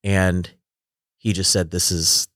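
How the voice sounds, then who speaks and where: Low-voiced reflective man in casual talk. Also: little pitch movement, takes it slowly, fairly bright tone, no room sound, clean studio sound. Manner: reflective, trails off and restarts. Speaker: podcast host. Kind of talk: casual conversation.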